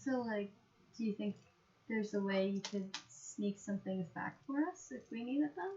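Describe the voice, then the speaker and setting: A woman's voice: medium pitch, unhurried, a little mellow. A woman playing a tabletop game, chatty and inquisitive in casual talk. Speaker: player. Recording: dull lo-fi audio with faint noise.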